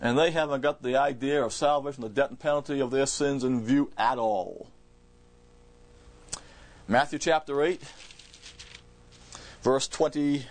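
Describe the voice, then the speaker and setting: A man's voice: medium pitch, measured pace, pauses often. A man preaching a verse-by-verse Bible sermon in an emphatic way, repeating words and restarting phrases as he explains.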